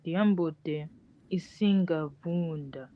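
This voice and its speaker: Slow, deliberate male student, muffled audio. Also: on the high side. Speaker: language student. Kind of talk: practicing phrases in class. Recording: dull lo-fi audio.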